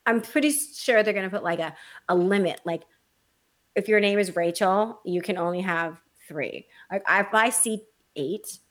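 A woman co-hosting a casual chat, telling stories in an animated, dramatic way with blunt asides and swearing. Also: mid-range voice, moderate pace.

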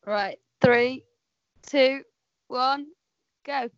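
A woman's voice: high-pitched, drawn-out words, no room sound, lo-fi sound. A woman co-hosting a podcast, upbeat and encouraging as she hands out scores. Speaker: podcast co-host and judge. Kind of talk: casual podcast chat.

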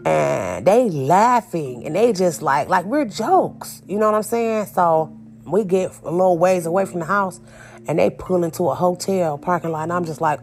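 A young woman, animated and slangy, telling a personal story and acting out the quotes. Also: fairly low pitch, unhurried, soft background music. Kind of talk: casual storytelling.

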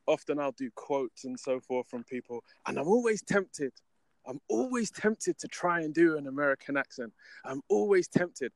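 A man's voice: a little high, no room sound. Laughing British man, dry sound. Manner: laughs often, restarts mid-sentence. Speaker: podcast guest. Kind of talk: casual conversation.

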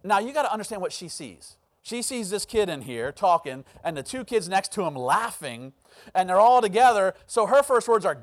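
A man's voice: high-pitched, lively intonation, fairly quick. A man preaching a sermon as pastor, telling a personal story and acting out the voices in it. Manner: storytelling, acts out quoted voices.

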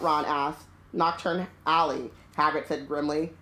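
A low-pitched woman talks in a relaxed, chatty way about a book, leaning on "like" and blunt jokes. Her voice sounds roomy, with echo around it. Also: unhurried. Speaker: podcast co-host. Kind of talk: casual book discussion.

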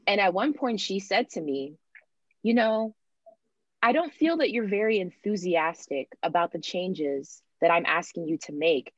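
A woman's voice: medium pitch, animated, normal speed, dry recording. A young woman candidly telling a long personal story in casual chat, often acting out what people said. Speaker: student sharing her experience. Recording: dull lo-fi dry sound.

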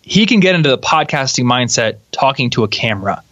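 A young man, a guest on a podcast, explaining his video workflow in a casual, animated way and laughing easily. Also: medium pitch, brisk, no echo. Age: young adult. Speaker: guest, YouTube creator. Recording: slightly dull, dry sound.

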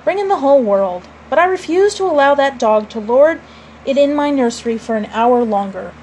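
A woman's voice: a little high, expressive, moderate pace, a little mellow, slight background noise, natural voice, rough recording. Give me a woman playing a pompous, blustering father in a storybook reading. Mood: indignant. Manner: pompous and indignant. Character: blustering proud middle-aged father.

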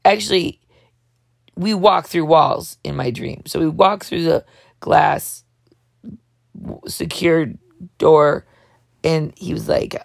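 Woman host, gravelly, dry close sound, dramatic rambling comic monologue. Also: sits low, animated, dry recording. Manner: dramatic, over the top; talks fast, jumps between thoughts. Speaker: show host.

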